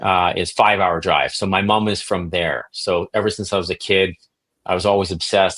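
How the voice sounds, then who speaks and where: A man from Canada with a very low voice tells stories as a podcast guest. He is casual and animated and acts out other people's lines. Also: a little fast. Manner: animated storyteller, acts out quotes. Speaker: guest, reptile breeder.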